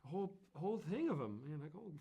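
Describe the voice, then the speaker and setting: An Irish man telling anecdotes as an interview guest, in a chatty, animated way that often breaks into laughter. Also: a little high, very fast, breathy edge. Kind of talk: casual storytelling.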